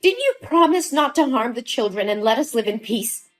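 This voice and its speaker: A woman's voice: fairly high pitch, lively intonation, moderate pace, soft background music, natural voice. A woman voicing a young mother who pleads in distress over her missing daughter, in a dramatized story. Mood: distraught.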